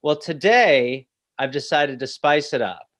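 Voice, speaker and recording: A man's voice: fairly high pitch, animated, unhurried, fairly bright tone. A man hosting a comedy podcast, teasing his mother and guest in casual chat. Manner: teasing, playful. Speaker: podcast host.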